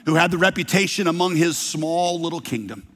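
Man preaching in a big echoey church, kinda high voice, goes loud then real quiet. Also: fairly quick. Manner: emphatic, swings from loud to hushed. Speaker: pastor. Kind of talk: sermon. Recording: long reverb of a large hall.

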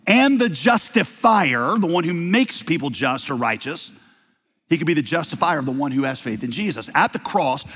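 A man preaching a sermon as pastor, emphatic, swinging from loud bursts to hushed low lines. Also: breathy edge. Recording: long reverb of a large hall.

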